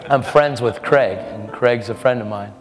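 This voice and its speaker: A man's voice: mid-range voice, measured pace. A man preaching a storytelling sermon in an earnest, casual way, often repeating his words. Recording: echoey hall with faint music.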